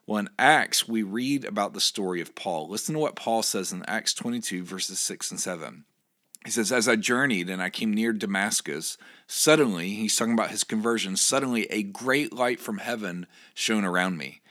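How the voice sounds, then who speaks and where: A man's voice: fairly low pitch, moderate pace, pushed and bright. A male pastor giving a short, earnest devotional sermon, reading scripture aloud and encouraging his listeners.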